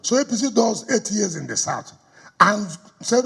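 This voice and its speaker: A middle-aged man with a Nigerian accent makes a combative campaign speech in a reverberant hall. His voice sits high for a man and is heavily gravelly and husky. The room's long echo trails behind every line. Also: big pitch swings, moderate pace, pushed and bright. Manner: combative, rhetorical questions, switches into pidgin. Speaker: politician addressing party stakeholders. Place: government house hall. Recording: echoey hall recording.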